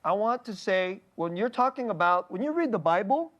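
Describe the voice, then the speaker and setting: A male pastor preaching a conversational sermon in a candid, personal way, often breaking off to restart a thought and checking in with a quick "okay?". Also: sits high, lively intonation, a bit bright, muffled recording. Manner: halting, restarting phrases mid-thought.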